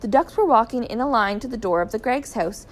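A woman narrating a children's story in a clear, even, expressive reading voice. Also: fairly high pitch, brisk, a little hiss or hum. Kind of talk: children's story read aloud.

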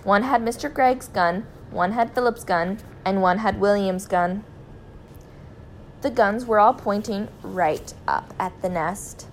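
A woman reading a children's story aloud in a clear, expressive way. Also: mid-range voice, measured pace, a little hiss or hum, poor audio.

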